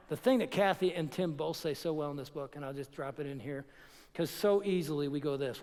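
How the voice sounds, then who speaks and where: A man preaching on marriage in a conversational, energetic way that builds into fired-up urging. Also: fairly high pitch, a little fast, in a large hall. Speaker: pastor teaching on marriage. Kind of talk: sermon.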